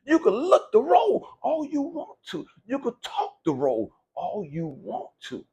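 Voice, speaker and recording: A man giving an impassioned motivational talk, preachy and profane, swinging from low musing to loud outbursts. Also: huge pitch swings, a little slow, slightly rough. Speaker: motivational speaker.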